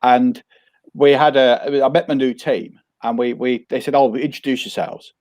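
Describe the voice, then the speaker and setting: A man from Coventry, a crime author, telling a lively anecdote in casual conversation and jumping his pitch up when quoting himself. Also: normal speed, dry recording. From Coventry, England. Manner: animated storyteller, jumps high when quoting himself.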